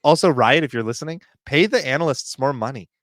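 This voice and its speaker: A man's voice: medium pitch, expressive, fast, fairly bright tone, no room sound. A man co-hosting a podcast, chatting casually and ranting with laughs. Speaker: podcast co-host. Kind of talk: casual chat.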